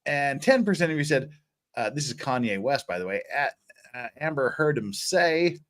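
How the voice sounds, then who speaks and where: A man's voice: medium pitch, normal speed. A man hosting a casual livestream, joking and laughing with his guests and asking viewers to hit the like button. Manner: animated, jokey, laughing often. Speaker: livestream host.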